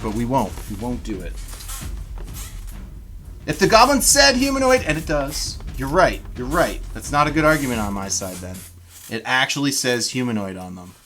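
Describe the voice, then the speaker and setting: Chatty guy gm narrating a monster fight on stream, bright voice, swoops around a lot. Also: medium pitch, moderate pace, soft background music. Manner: animated, chatty, addresses viewers directly; animated, chatty. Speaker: game master. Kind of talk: livestreamed tabletop game narration.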